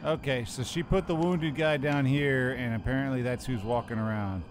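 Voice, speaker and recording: A man's voice: mid-range voice, normal speed. A man casually commenting while he plays a horror game, joking and swearing to himself. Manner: profane, joking, talks to himself. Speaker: streamer playing a horror game. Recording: loud game noise behind. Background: horror game sounds.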